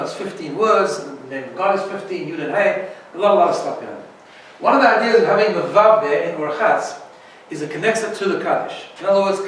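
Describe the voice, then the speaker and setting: A man's voice: high-pitched, a bit bright, distant mic, slight background noise. Chatty rabbi man in an echoey room. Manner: chatty, keeps asking "right?". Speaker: rabbi teaching a class. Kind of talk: informal Torah lesson.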